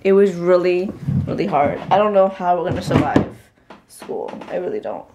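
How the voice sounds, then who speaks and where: A woman's voice: on the low side, very animated, moderate pace, very noisy. Chatty pregnant woman vlogging. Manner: chatty, mixes in Spanish words. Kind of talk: casual vlog chat.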